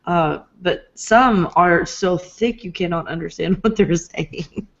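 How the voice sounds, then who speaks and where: A woman's voice: on the low side, slow, creaky, lo-fi sound. A woman co-hosting a faith podcast, chatting in a bubbly, encouraging way. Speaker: podcast co-host. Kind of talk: casual chat.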